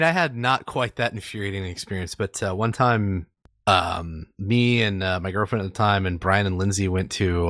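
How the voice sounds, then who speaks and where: A man's voice: fairly low pitch, fairly bright tone, no echo, studio quality. A man telling a casual, wry, rambling anecdote on a podcast. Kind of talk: casual chat.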